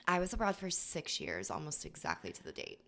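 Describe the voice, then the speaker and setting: A woman's voice: sits low, fairly quick. An American woman in her young adult years, a podcast guest chatting casually and acting out quotes as she tells stories. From United States. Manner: animated storytelling, acts out quoted voices.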